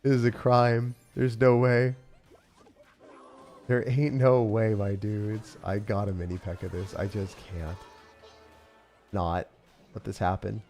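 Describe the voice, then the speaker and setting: Excitable young man streaming gameplay. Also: on the low side, slow, pauses often. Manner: excitable, swings to loud outbursts and laughter. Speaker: streamer playing and rating decks. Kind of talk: live gameplay commentary. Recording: faint music behind.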